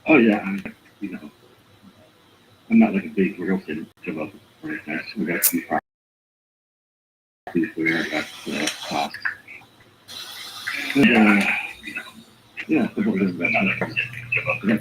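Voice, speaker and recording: Low-voiced hesitant man outdoors. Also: fairly bright tone, slight background noise, poor audio. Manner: hesitant, many fillers, unhurried. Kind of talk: casual chat. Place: outdoors near a street.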